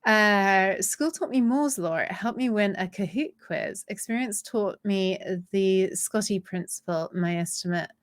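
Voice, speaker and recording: A woman's voice: medium pitch, unhurried, few pauses, no echo. A woman chats with easy, self-deprecating humor and breaks into laughs often. Her voice sits mid-range and sounds close and dry, the way it does on a video call. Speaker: guest. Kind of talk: casual chat.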